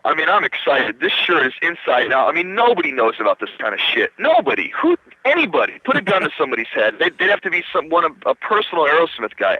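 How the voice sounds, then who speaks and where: The guest is a rock guitarist from Minnesota with a medium-pitched voice, telling a drawn-out backstage story on a casual radio show. He swears easily and performs the voices of the people in the story. The recording from the radio studio is flat and dry, without room sound.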